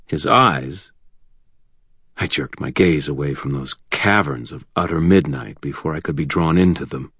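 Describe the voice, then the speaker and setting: Super deep voiced guy reading a fantasy audiobook in first person, wry and vivid, dry close mic. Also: measured pace, a bit bright, husky, no echo. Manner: wry and vivid, with tense pacing. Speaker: audiobook narrator.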